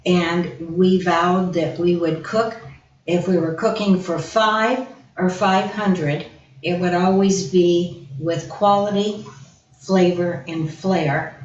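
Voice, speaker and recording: A woman's voice: fairly low pitch, fairly even intonation, takes it slowly. A woman hosting a casual cooking show, introducing guests with effusive praise. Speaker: host. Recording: roomy, distant, dull, faint hiss.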